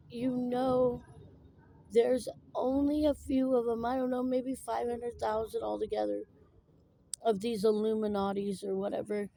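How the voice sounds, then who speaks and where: Tearful rambling woman with a gravelly voice. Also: fairly high pitch, warm tone. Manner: rambling, emotional, halting with many fillers. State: tearful after crying. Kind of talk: personal vlog rant.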